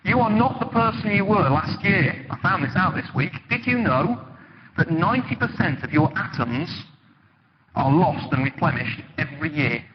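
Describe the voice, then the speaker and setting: A man preaching a sermon in a church, conversational and animated, telling stories with sudden dramatic emphasis. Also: a little high, moderate pace. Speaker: pastor. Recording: dull, lo-fi with loud background noise.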